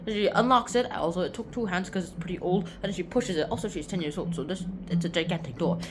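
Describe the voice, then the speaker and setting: A woman casually summarizing a novel chapter by chapter, rambling and animated and often interrupting herself. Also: on the low side, quick pace, slight background noise. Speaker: video host summarizing a book.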